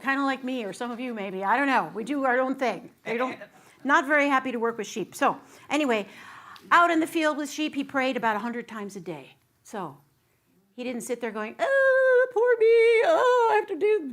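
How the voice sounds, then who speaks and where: Middle-aged woman minister, high-pitched and bubbly, chatting and joking through a sermon. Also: fairly bright tone. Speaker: guest minister. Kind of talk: sermon with singing and audience banter. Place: church sanctuary.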